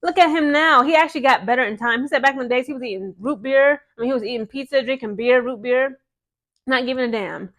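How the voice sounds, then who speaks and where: High-voiced woman ranting fast about her team, keeps saying okay?. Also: fairly bright tone. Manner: fired-up, repeats "okay?" and "again". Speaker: sports vlogger. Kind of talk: casual ranting vlog.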